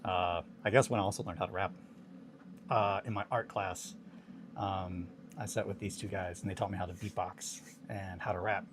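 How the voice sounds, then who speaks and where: A man's voice: low-pitched, steady tone, moderate pace, noisy background. A man streaming a casual hobby chat, rambling and chatty, swearing casually.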